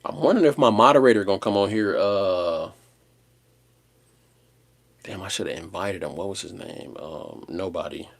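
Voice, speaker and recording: A man with a fairly low voice talks casually to his livestream viewers. His delivery is slangy and rambling, mostly laid-back but jumping now and then into animated outbursts. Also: normal speed, vocal fry, pauses often. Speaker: live streamer.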